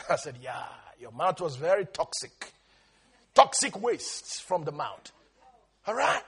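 A man preaching as a pastor, emphatic, shouting out lists and calling the congregation to repeat after him. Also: a little high, big pitch swings, slow, slightly rough. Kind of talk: sermon.

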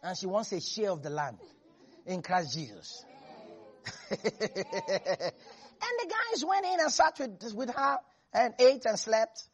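A preacher delivering an animated, humorous sermon to a congregation. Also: medium pitch, slow pace, long pauses. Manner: animated, jokes and laughs with the congregation.

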